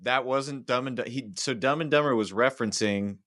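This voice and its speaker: A man's voice: mid-range voice, fairly quick, fairly bright tone. A man hosting a podcast, chatting casually and joking with his guest in an upbeat way. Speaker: podcast host.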